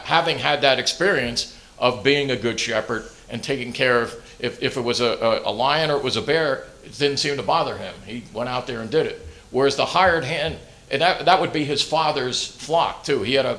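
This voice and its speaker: A male preacher giving a casual sermon at a middle pitch. He stumbles and restarts often, fills pauses with "uh," and slips in dry jokes about himself. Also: sharp tone. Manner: halting, with many fillers and self-deprecating jokes. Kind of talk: conversational sermon.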